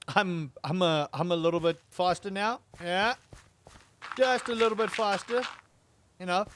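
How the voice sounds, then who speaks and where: A young man streams a game and rambles casually to his chat as he plays, amused at himself and talking both to viewers and to the game. His voice is high and his pace measured, with background noise behind him.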